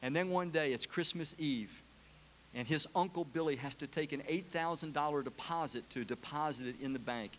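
A preacher giving a sermon, retelling a film story in an emotional, casual way. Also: male voice, fairly high pitch, moderate pace, a bit bright, a little hiss or hum.

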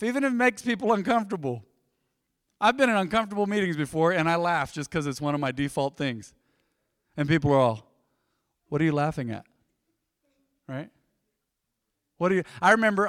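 A man in his forties preaching to a congregation, his voice high and bright as he tells stories and keeps asking the room to answer back. The sound is close and dry. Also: no room sound. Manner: storytelling, calls out to the congregation. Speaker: pastor. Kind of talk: sermon.

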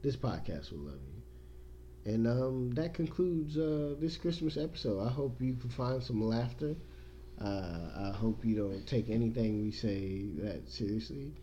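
Animated, foul-mouthed young man podcasting. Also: mid-range voice, a little slow, lo-fi sound, a little hiss or hum. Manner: profane, joking, loud bursts of laughter. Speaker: podcast host. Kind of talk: crude casual podcast chat.

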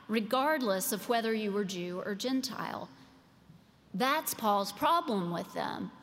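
A woman delivering a sermon in a church, her voice sitting a bit high for a woman. She speaks slowly and deliberately, pausing to stress key words. A long reverb trails each phrase, as in a large hall. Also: fairly bright tone. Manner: slow, deliberate delivery with emphatic pauses. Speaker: preacher.

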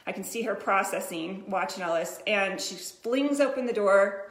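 A woman's voice: mid-range voice, moderate pace. A woman in her thirties, a business coach, telling a chatty motivational story to her viewers with many "right?" asides. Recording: echoey room.

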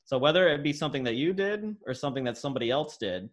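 A man hosting a casual interview, relaxed, moving the guests along. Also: mid-range voice, very fast. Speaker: host.

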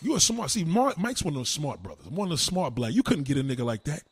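A man ranting to a live chat as a streamer, loud, heated and profane. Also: fairly high pitch, sing-song, quick pace, breathy edge, dry recording. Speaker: online streamer.

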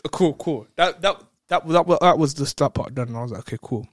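A man telling a story in casual chat, excitable, laughing often and repeating words. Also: a little high, a little fast, dry recording, studio quality.

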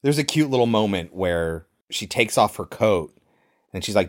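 A man's voice: on the low side, lively intonation, normal speed. A man hosting a podcast, casually recapping a film in detail and acting out quoted lines. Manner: retells scenes in detail, acts out quoted lines. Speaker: podcast host.

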